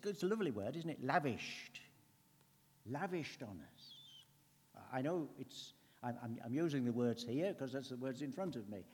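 A man giving a conversational sermon as a preacher, earnest, swinging between emphatic lines and hushed ones. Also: medium pitch. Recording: long hall reverb.

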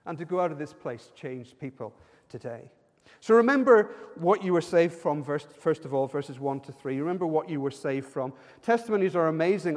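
Male preacher, earnest sermon, high voice, long church reverb. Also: darkish tone. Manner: earnest, personal, rising to emphatic repetitions.

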